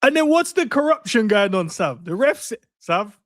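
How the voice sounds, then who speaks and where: Jokey young man, slightly high voice. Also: sing-song, a bit bright, dry recording, studio quality. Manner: jokey, quick to laugh, slangy. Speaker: football podcast co-host. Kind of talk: casual chat.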